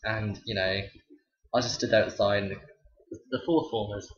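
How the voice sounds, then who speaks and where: In his casual storytelling vlog, a young teacher talks in a lowish voice, a little slowly, keeping his intonation fairly even. His tone is chatty and wry. The audio comes from a dull, roomy home setup.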